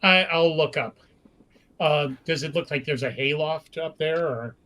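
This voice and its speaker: Male player, slightly high, bright and forceful tone, first-person action calls at the table. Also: measured pace. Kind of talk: tabletop role-play, speaking as his character.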